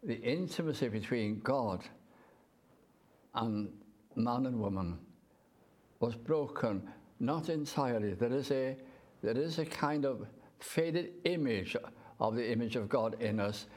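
A male preacher delivering a sermon at an unhurried, deliberate pace. He speaks in short, measured phrases and pauses often between them. His voice sits at an ordinary middle pitch. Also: lively intonation, darkish tone. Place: church gathering in the evening.

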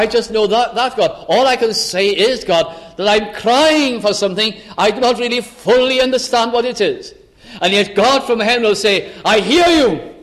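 A preacher delivers an impassioned sermon in a notably high-pitched voice. He slows to press key words, then sinks into a hushed, pleading tone when he voices a soul crying out to God.

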